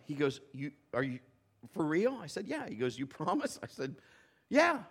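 A man preaching with a high, bright voice that swings all over the place. He tells a story in a sermon, laughing often and acting out every voice. He sounds middle-aged. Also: big pitch swings, normal speed, husky. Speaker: pastor.

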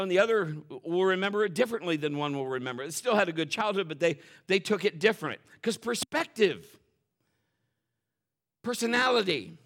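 A middle-aged male pastor preaching a sermon, telling family stories in an animated way and acting out the voices of the people in them. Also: sits high. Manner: animated storytelling, acts out quotes and shouts for effect.

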